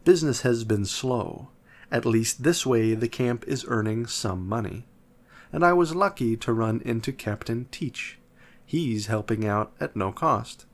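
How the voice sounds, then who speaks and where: Booming creepy camp boss from a kids' story, played by a man, slow delivery. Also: lively intonation. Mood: menacing. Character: loud menacing male camp owner, hungry grin.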